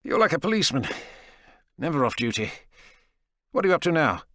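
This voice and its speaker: A man's voice: a little high, very animated, brisk, bright, forceful tone, dry recording, clean studio sound, pitched above the performer's own voice. A man voicing a wary, sardonic squadron leader in his thirties, his voice raised and strained above his own. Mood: suspicious.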